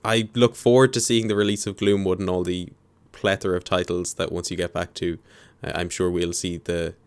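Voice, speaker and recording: A man's voice: deep voice, level tone, fairly quick, clear, resonant tone, no echo. A young man hosting a podcast interview, polite and a little hesitant, with frequent fillers. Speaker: podcast host.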